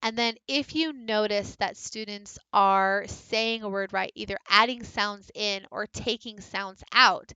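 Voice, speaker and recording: Woman, literacy coach, bright voice, smooth and crisp, dry muffled recording. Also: medium pitch, dry recording. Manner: clear, deliberate teacherly delivery. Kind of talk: recorded teacher training lesson.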